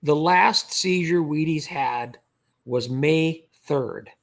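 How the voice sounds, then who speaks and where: A man's voice: fairly high pitch, slow, creaky. A man hosting a livestream, chatting casually in a rambling way with frequent restarts. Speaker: livestream host.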